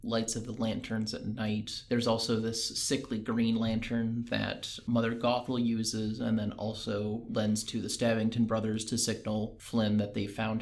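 A man's voice: fairly low pitch, creaky. Analytical man breaking down films. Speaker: podcast co-host. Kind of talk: structured film analysis.

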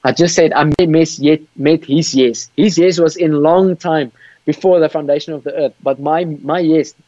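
A man's voice: fairly high pitch, steady tone, normal speed, dark tone, no echo. A man on a video call telling his faith testimony with passion, often repeating words and restarting sentences. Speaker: guest sharing his testimony. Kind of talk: earnest storytelling on a call. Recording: dull, dry call audio.

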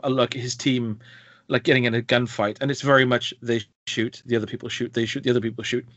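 A man's voice: mid-range voice, no room sound. Chatty man, dull lo-fi sound. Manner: chatty, rambling with frequent fillers and self-corrections. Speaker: podcast co-host. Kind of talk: casual film review chat.

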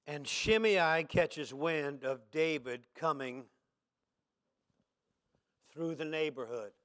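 A man preaching a sermon to his church, posing rhetorical questions and building into shouts. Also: on the high side, takes it slowly. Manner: impassioned preaching that swells into shouts; asks the congregation rhetorical questions. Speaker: pastor. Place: church service.

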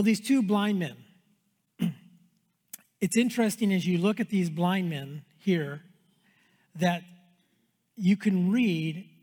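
High-voiced male pastor preaching. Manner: earnest, repeats phrases, drops to a hush for emphasis. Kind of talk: sermon. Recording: long hall reverb.

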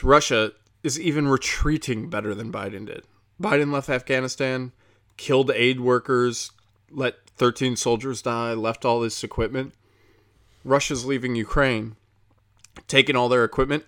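A man's voice: mid-range voice, a bit bright. A young man doing a profane, heated ranting monologue as a comedian podcast host, slipping into mocking quoted voices.

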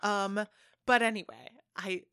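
A woman's voice: medium pitch, a little slow, clean tone, no room sound. Chatty woman with a dry, close sound. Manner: chatty, animated, many fillers and asides. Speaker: podcast co-host. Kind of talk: casual chat.

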